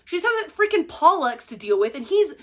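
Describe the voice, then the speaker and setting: A young woman gushing through a casual, spoiler-filled book review, excitable and full of "like". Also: very high voice, brisk. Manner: gushing, excitable, heavy use of "like".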